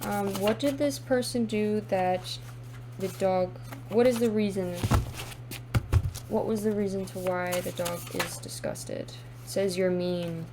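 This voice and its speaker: A woman's voice: mid-range voice, slow pace, background noise. A woman doing a casual tarot card reading to camera, thinking aloud with sassy exclamations and casual swearing. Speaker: tarot reader.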